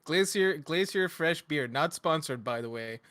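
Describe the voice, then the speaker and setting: A man's voice: a little high, animated, unhurried, sharp tone, clean tone, no room sound, studio quality. A man, co-hosting a casual podcast in an easygoing, rambling way. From Canada. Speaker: co-host.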